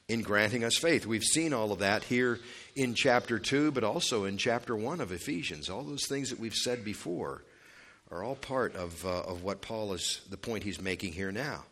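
A man's voice: lowish voice, fairly bright tone. A man preaching an expository sermon as pastor, conversational with asides, leaning hard on key words as his voice rises and drops. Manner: emphatic, rising and dropping for stress.

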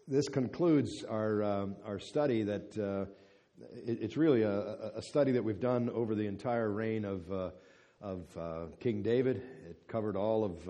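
A man reading a long scripture passage aloud and then leading a Bible study, with a measured reading manner and halting fillers when speaking freely. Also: fairly low pitch, mellow. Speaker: Bible teacher.

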